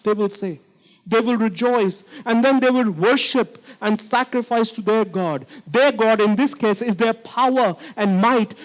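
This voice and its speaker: A man with a high voice preaches a sermon with a dramatic delivery. He retells scripture in casual everyday speech and sinks into a hushed voice for the quoted pleas.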